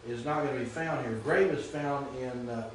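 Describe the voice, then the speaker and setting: A man's voice: medium pitch, moderate pace. A man lectures to a class, explaining each rule step by step and stopping to quiz his students. He stands well away from the microphone in a hard, very echoey classroom. A faint hiss of room noise sits under his voice. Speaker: Greek teacher. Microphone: far from the mic. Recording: very echoey distant classroom recording.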